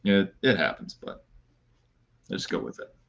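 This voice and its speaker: A man's voice: deep voice, sing-song, moderate pace, creaky, a bit bright, dull audio. A man chatting as a podcast guest, rambling and playful, with many fillers and restarts. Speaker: guest, content creator. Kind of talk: casual podcast chat.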